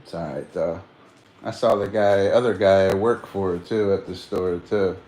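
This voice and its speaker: A man's voice: sits low, steady tone, moderate pace, mellow, slight background noise. A tired man hosting a livestream, chatting casually and drifting between topics, with slang and free swearing. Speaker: livestream host. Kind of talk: casual rambling chat.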